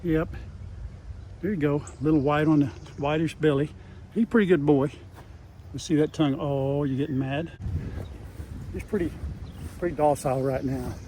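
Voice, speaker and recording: A man's voice: on the high side, steady tone, moderate pace, pauses often, warm tone, slight background noise, rough recording. An older man chatting casually outdoors on his farm, talking to his dogs and to the camera as he goes. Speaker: farm vlogger.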